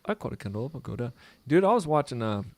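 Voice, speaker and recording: A man co-hosting a casual trading show, talking in loose, rambling banter full of jokes. His voice has a gravelly, creaky edge. The sound is dry and close, with no room echo. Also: mid-range voice, sing-song, fast. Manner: joking, rambling, jumps into silly voices.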